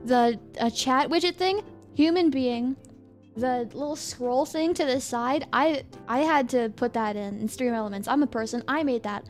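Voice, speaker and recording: Young woman, high voice, giggly rambling stream chat, faint music under it. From United States. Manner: giggly, rambling, quick asides. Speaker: VTuber streamer. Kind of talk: casual chat reading viewer comments.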